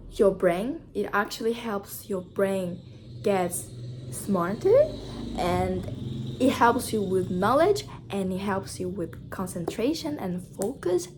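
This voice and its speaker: A woman's voice: mid-range voice, noisy background. Brazilian woman with earnest vlog advice. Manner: earnest, repetitive, simple phrasing. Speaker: vlogger. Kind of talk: casual motivational chat.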